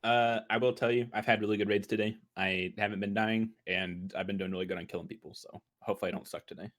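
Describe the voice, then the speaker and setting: A man chatting casually with a teammate during a game, telling quick stories with laughs. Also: on the low side, fairly even intonation, fairly bright tone. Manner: fast storytelling with laughs. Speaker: fellow player. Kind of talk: casual gaming chat.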